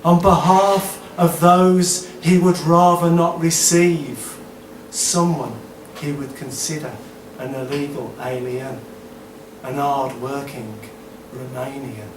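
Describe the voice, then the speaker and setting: Man, slow deliberate spoken word poet, roomy venue, distant mic. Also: a little high, fairly even intonation, noisy background. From Birmingham, England. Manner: slow, deliberate, sardonic delivery with hesitant asides between poems. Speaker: performance poet. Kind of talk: spoken word poetry performance. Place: live performance venue, indoors. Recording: echoey room, distant mic, faint ambience.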